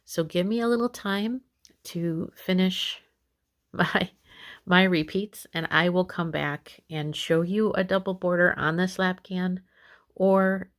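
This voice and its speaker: A woman walks viewers through a crochet pattern in a slow, unhurried tutorial, repeating each step patiently. Her voice sits low with a gravelly edge, and she pads her instructions with easygoing fillers.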